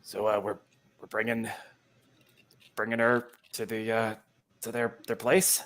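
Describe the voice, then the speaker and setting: A man with a slightly low voice narrates a tabletop game over a video call. He rambles, piling on fillers as he sets each scene. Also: little pitch movement, unhurried, a bit bright. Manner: rambling, heavy with fillers like "like" and "you know". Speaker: game master.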